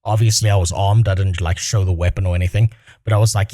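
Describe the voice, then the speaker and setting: A man's voice: low-pitched, fairly even intonation, quick pace, mellow, no room sound, studio quality. A man streaming his reaction to a clip, in casual, crude, rambling talk that keeps breaking into laughter.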